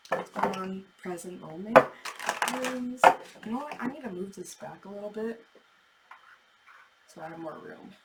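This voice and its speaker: A woman's voice: mid-range voice, very noisy. A woman giving a casual tarot reading, chatty and thinking aloud, with the odd swear word. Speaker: tarot reader.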